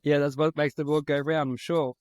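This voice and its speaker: A man's voice: a little high, little pitch movement, fairly quick, darkish tone, no room sound, studio quality. A man hosting a podcast, encouraging his guest in a casual interview. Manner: encouraging, laughs easily. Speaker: podcast host.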